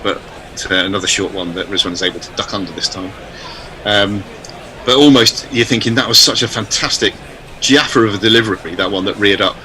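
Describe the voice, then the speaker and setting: Bright-voiced male cricket commentator. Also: lowish voice, poor audio. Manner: measured, chatty, self-deprecating. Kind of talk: ball-by-ball commentary.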